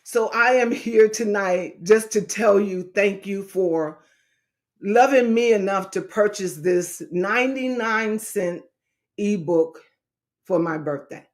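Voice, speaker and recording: Middle-aged woman evangelist, unhurried, repetitive preacher cadence, casual livestream chat. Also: fairly low pitch, darkish tone.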